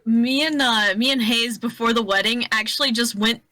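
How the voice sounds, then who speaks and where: A woman's voice: fairly high pitch, moderate pace, sharp tone, dry recording. A woman guest on a podcast, telling stories in a crude, joking way. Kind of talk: casual chat.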